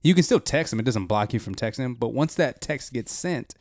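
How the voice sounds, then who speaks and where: Young male co-host, relaxed and profane, dry close sound. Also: medium pitch, brisk, no room sound. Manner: laid-back, profane, jokey. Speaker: podcast co-host. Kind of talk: casual chat.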